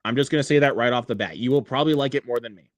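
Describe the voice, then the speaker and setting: A man's voice: medium pitch, racing, no echo. A man hosting a casual livestream, rambling with many fillers and reading viewer comments aloud. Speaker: livestream host.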